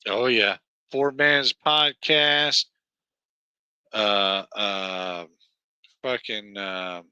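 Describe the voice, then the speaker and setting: A man's voice: lowish voice, bright, forceful tone, clean tone, no room sound. A man with a Southern American accent hosting a livestream, ranting at length in a profane, rambling way full of fillers and restarts. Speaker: livestream host.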